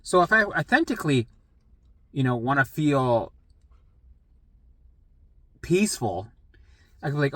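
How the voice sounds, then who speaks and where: Middle-aged male vlogger, blunt and profane, bright tense voice sitting a bit high. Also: very animated, slow pace, long pauses, dry recording. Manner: blunt and profane, acts out past arguments. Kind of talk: casual monologue to camera.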